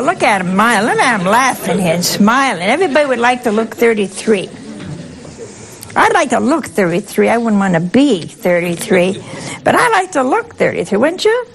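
A woman's voice: a little high, sing-song, moderate pace, gravelly, a crowd in the background, poor audio. An older woman, a nun, giving a conversational sermon that is folksy and humorous, often asking her listeners questions. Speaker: nun giving a spiritual talk.

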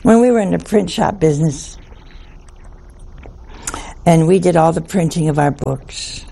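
An older woman, a nun, telling a humorous story in a slow, folksy manner. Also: low voice, gravelly, dark tone. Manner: slow, folksy anecdotal delivery.

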